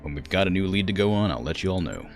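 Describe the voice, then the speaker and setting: A man voicing a steady male mercenary leader briefing his crew in a matter-of-fact way. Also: low voice, fast, creaky, soft background music. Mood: businesslike.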